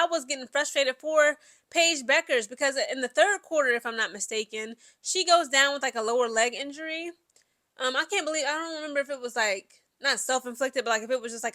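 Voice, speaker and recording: A high, bright woman's voice with a lilt, rambling through a game recap. She keeps piling on asides and fillers as she talks. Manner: chatty, animated, lots of fillers and asides. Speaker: sports commentary vlogger. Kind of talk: casual sports recap chat.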